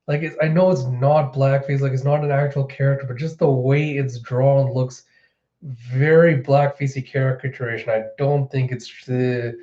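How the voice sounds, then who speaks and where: A man giving casual, excitable reaction commentary as a manga reviewer, laughing often. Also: medium pitch, moderate pace. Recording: slightly muffled lo-fi recording.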